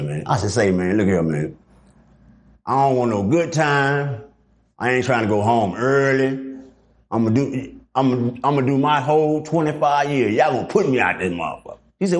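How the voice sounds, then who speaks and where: A middle-aged man telling stories in a casual interview, animated and profane, acting out the voices of the people in them. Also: medium pitch. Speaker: guest.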